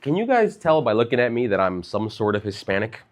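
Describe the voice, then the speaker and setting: A man's voice: fairly low pitch, big pitch swings, a little fast. A man in his thirties from Chicago doing a loose, conversational stand-up set on a comedy club stage, dropping "like" and "bro" throughout. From Chicago, USA. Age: 30s.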